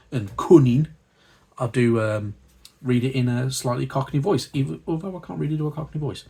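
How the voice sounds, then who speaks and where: A man's voice: medium pitch, a little mellow, husky. A man hosting a hobby channel, casually reviewing a magazine and reading passages aloud, chatty and rambling between the reading and his asides.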